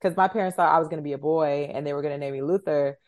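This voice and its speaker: A woman's voice: deep voice, fairly even intonation, rapid-fire. A woman co-hosting a podcast, chatting casually and telling stories with frequent laughter. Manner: laughing storyteller, warm and chatty. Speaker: podcast co-host. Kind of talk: casual chat.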